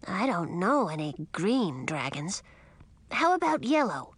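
A woman's voice: fairly low pitch, very animated, a little slow, breathy edge, no echo, full character voice. Ralph, a woman voicing a chatty little dragon. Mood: curious. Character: friendly little male dragon, eager and curious.

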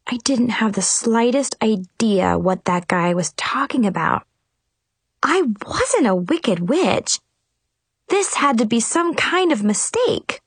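A woman narrating a first-person story aloud in an animated, expressive, chatty way. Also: medium pitch, a little slow, no room sound. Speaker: audiobook narrator.

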